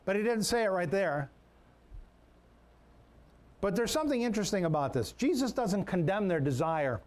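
High-voiced male pastor preaching conversationally. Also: very animated, moderate pace, darkish tone. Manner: conversational preaching with repeated words and restarts. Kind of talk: sermon.

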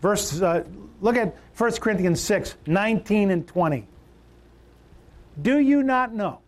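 A man preaching a sermon, emphatic, repeating key phrases and swinging his pitch for stress. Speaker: pastor.

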